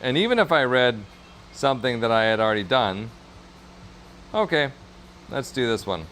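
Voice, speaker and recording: A man's voice: mid-range voice, animated, normal speed, fairly bright tone, a little hiss or hum. A man chatting casually on a livestream while working on leather in his workshop, upbeat and encouraging, rambling with fillers. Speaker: streamer and leather crafter.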